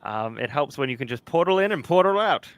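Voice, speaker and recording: A man's voice: medium pitch, expressive, a little fast, smooth, no echo. A man co-hosting a casual livestream, joking and chuckling as he greets chat. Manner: jokey, self-deprecating, chuckles often. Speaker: livestream co-host.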